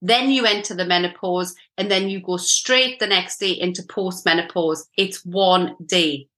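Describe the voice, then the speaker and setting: A woman's voice: fairly low pitch, steady tone, moderate pace, sharp tone. A middle-aged woman coach explaining things plainly in a podcast interview, often checking in with "okay?". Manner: straight-talking, explains with repeated "okay?" checks. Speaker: menopause coach, guest.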